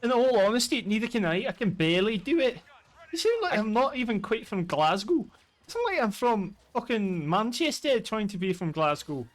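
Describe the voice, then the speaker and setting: A man chatting casually while gaming, animated and swearing freely. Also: high-pitched, moderate pace. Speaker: streamer playing a game.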